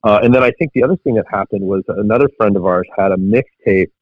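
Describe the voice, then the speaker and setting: A man's voice: fairly low pitch, quick pace, no echo. A middle-aged man calling in as a guest, reminiscing in an easygoing way. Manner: relaxed, reminiscing. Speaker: guest on the line. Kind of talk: casual chat. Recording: dull remote line.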